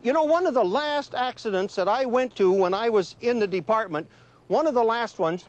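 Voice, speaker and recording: A man's voice: very high-pitched, animated, moderate pace. A middle-aged man, a retired police trooper, telling true stories to students in a folksy, conversational lecture. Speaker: retired police trooper giving a safety talk. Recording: dull lo-fi early 1980s film audio.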